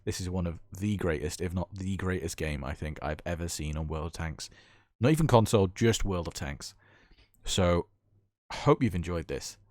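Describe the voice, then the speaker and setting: Excitable British man, dry close sound. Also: sits low, normal speed, no room sound. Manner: enthusiastic, chatty, excitable. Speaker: gaming YouTuber. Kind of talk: casual gameplay commentary.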